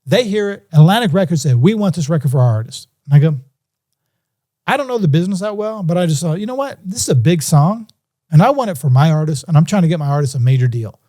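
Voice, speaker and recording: A man's voice: a little high, lively intonation, fast, dark tone. A middle-aged man and music producer telling a story in an interview, acting out phone calls in different voices.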